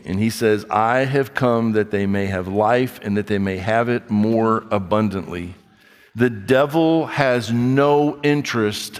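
A middle-aged man preaching a sermon as pastor, blunt and scolding, with animated delivery. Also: mid-range voice. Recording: long hall reverb.

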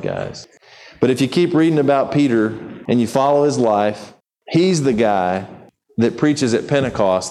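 Animated man preaching a sermon. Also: lowish voice, slight background noise. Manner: conversational, animated, acts out quotes.

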